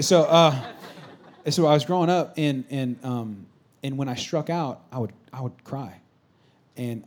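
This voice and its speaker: Male pastor, 30s, husky voice, preaching a sermon in church; dynamic, from shouted lines to whispers. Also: mid-range voice. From California. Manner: swings from loud exclamation to soft whispered asides. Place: church sanctuary.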